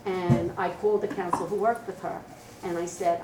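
A middle-aged woman sharing her recovery story at a meeting, candid and lively, acting out the voices of people in her story. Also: fairly low pitch, brisk, distant mic, noisy background. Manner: candid, animated storytelling with acted quotes. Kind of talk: personal testimony at a meeting. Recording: roomy echo, voice from off-mic.

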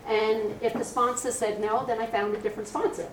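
A woman's voice: a little high, fairly quick, recorded from a distance, a little hiss or hum. Middle-aged woman, frank storyteller at a meeting, heard from across an echoing room. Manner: candid, animated storytelling with acted quotes. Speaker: speaker sharing recovery story. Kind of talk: personal testimony at a meeting. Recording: roomy echo, voice from off-mic.

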